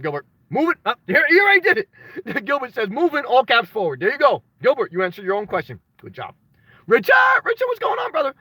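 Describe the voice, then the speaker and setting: A man with a high-pitched voice hosts a casual livestream, greeting his viewers by name and drifting into loose, rambling stories. The sound is close and dry, with no room around it. Now and then he bursts out in an excited shout. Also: dry recording. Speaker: vlogger reading live chat.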